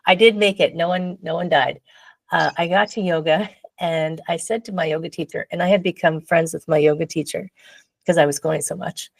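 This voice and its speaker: A woman guest telling a personal story in a casual interview, animated and laughing often, acting out her own past voice. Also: on the low side, a little fast, gravelly, no echo.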